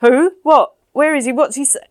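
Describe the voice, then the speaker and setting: A woman reading voices a drunk, grinning young man, loud and teasing. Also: very high voice, big pitch swings, takes it slowly, no echo, studio quality, voice pushed up, heavily acted. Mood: drunk rambling.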